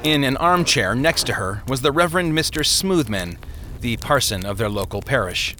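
A man's voice: medium pitch, lively intonation, normal speed, sharp tone, a little hiss or hum. A man narrating a story as an audiobook, telling it expressively.

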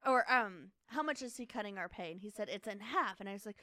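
A woman co-hosting a podcast, telling a story with quoted voices in animated casual chat. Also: mid-range voice, fast, few pauses, no echo. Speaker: podcast co-host.

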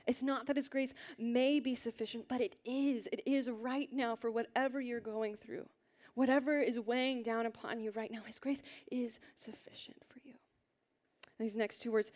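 A woman preaches to a congregation in a slightly high voice. She is earnest and gentle, and she often lets her words sink into a soft, breathy near-whisper. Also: steady tone, normal speed. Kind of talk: sermon. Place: church hall with a congregation.

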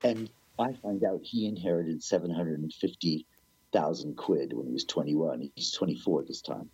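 A man telling stories in a rambling, animated way, swearing freely and acting out the people in them. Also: a bass voice, moderate pace, husky, no echo, highs cut off. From Canada. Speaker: musician guest. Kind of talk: casual storytelling interview.

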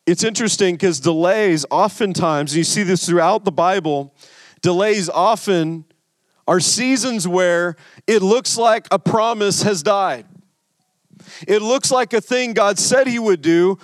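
A man's voice: high-pitched, normal speed, dry recording. A man pastor delivering a sermon in a conversational way, often stammering and repeating words.

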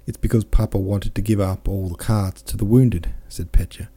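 Dark, husky-voiced male narrator. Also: on the low side, steady tone, moderate pace. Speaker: audiobook narrator. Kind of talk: scripted narration of a classic novel.

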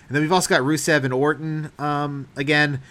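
A man's voice: fairly high pitch, level tone, brisk, a bit bright. Easygoing podcast guy musing aloud. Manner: thoughtful, hedging, laughs often. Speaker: podcast co-host. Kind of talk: casual chat.

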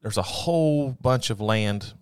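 A man's voice: fairly low pitch, a little slow, clean tone. A man co-hosting a casual chat, telling a story in an upbeat, rambling way. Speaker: podcast co-host.

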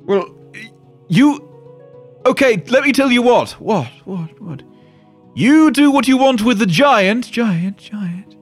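A man's voice: very high-pitched, animated, measured pace, long pauses, soft background music, pitched above the performer's own voice, exaggerated voice. A man playing a wary, pompous adventurer who echoes his own words back in a grand, dismissive way. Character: wary, pompous adventurer hiding at glowing doors.

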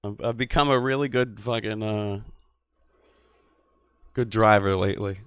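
A man hosting a call-in show, rambling and swearing, swinging from mutters to loud outbursts. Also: lowish voice, steady tone, measured pace, smooth, dry recording, clean studio sound. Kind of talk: profane casual call-in show.

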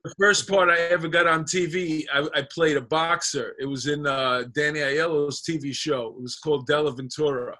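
A man tells a long, profane story from his acting life, stumbling and circling back as he goes. His voice sits a little above the usual male range. It is relaxed podcast banter. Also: fairly high pitch, moderate pace. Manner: rambling, profane, animated anecdotes. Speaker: podcast guest, actor. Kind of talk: casual chat, storytelling.

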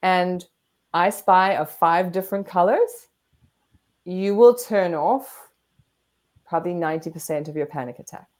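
A woman guest therapist explaining coping techniques in an animated way, acting out what her body and brain say. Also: fairly low pitch, unhurried, pauses often. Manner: animated, demonstrates breathing and acts out inner voices.

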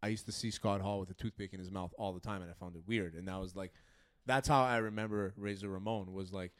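A man chatting casually about football and wrestling with friends, rambling and trailing off quietly at times. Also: sits low, fairly even intonation, fast talker, clean tone, dry recording, studio quality. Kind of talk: casual sports chat.

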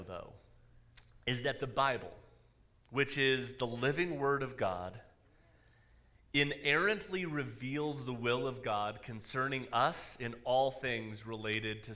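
Bright-voiced man preaching a conversational sermon. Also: mid-range voice. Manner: conversational preaching with dry asides and laughs. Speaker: pastor.

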